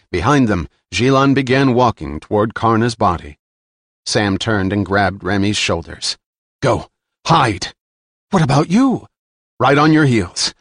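A man reading an action novel aloud in steady, measured scripted narration. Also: fairly low pitch, dry recording, studio quality. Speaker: audiobook narrator.

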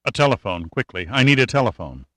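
A man's voice: medium pitch, very animated, fast, a bit bright, no room sound, studio quality. A man voicing an injured American man who speaks urgently and impatiently.

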